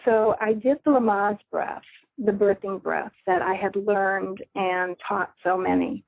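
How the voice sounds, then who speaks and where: A woman's voice: medium pitch, fairly even intonation, measured pace, creaky, dry recording. A middle-aged woman, a radio host, telling her personal story in an earnest, reflective way with small laughs. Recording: thin phone-line audio, dry.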